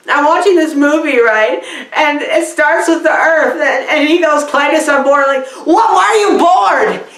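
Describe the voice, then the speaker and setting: A dazed, accident-prone male film reviewer, played by a performer, giggles and wanders off track as he talks. His voice sits a bit high. The room around him rings with a noticeable echo. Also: a bit bright, full character voice. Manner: giggly, rambling, easily confused. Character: bumbling, injured, rambling male film reviewer. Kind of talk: comedic sketch review. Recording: roomy echo.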